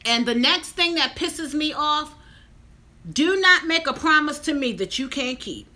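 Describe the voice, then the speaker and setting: A woman's voice: sits high, measured pace. A woman, chatting casually and emphatically to viewers in a vlog. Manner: animated, talks straight to viewers, emphatic. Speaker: vlogger. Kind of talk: casual mukbang chat to viewers.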